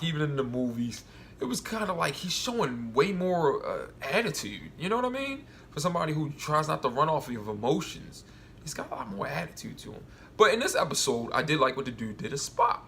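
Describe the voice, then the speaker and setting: A man talks through a TV episode in a loose, rambling review, jumping up in pitch whenever he acts out what characters said. His voice has a gravelly, fry-edged texture at an ordinary middle pitch. A faint hiss of background noise sits under the recording. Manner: rambling, animated retelling with quoted voices. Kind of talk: casual solo review.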